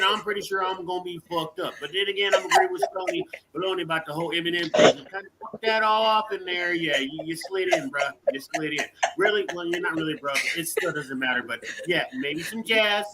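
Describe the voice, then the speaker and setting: Rambling man over loud noise. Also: high voice. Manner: rambling, slangy, laughing. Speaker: comedian panelist. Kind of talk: casual storytelling.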